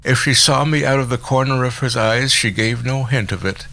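Bright-toned male audiobook narrator. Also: mid-range voice, moderate pace. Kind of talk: scripted literary narration.

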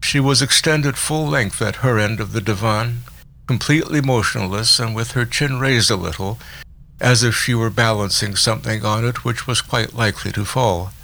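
Male narrator for a literary audiobook, measured, expressive, bright tone, mid pitch. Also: creaky.

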